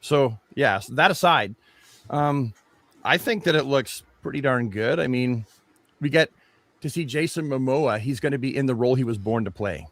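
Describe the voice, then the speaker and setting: A man's voice: medium pitch, moderate pace, a bit bright, no room sound. A man co-hosting a podcast, chatting casually and rambling through his take on a movie trailer. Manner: rambling, many restarts and fillers. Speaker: podcast co-host. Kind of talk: casual chat reviewing a trailer.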